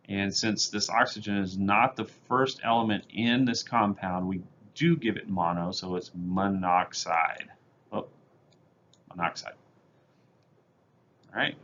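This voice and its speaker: A man with a somewhat low voice explains chemistry in a recorded lecture, going step by step in a plain, methodical way. The audio is dull and lo-fi, with a faint hiss of noise underneath. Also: bright, forceful tone. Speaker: chemistry teacher. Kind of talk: recorded lecture over slides.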